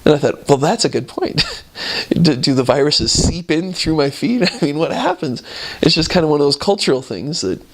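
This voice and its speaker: A man, a returned missionary, telling casual stories about his mission in a relaxed, rambling way with frequent chuckles. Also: on the high side, normal speed, hardly any pauses.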